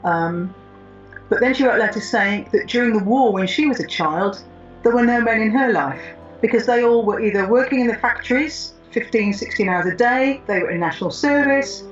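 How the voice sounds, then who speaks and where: A woman in her fifties telling her own story in an interview, reflective and thoughtful with frequent pauses. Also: on the high side. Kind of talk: personal storytelling. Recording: slightly muffled with soft music.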